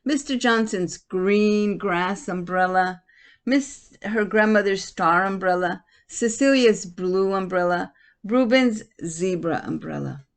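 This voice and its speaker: A woman's voice: medium pitch, takes it slowly. A woman teacher reading a picture book aloud to children. She stops often to ask her listeners questions.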